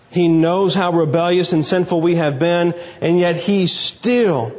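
High-voiced earnest male preacher. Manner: earnest, emphatic preaching with slow dramatic pauses. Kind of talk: sermon with scripture reading.

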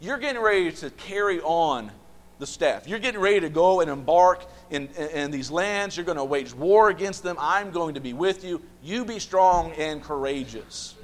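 A man's voice: on the high side, animated, moderate pace. Emphatic man teaching a Bible class. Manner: questioning, emphatic, repeats phrases.

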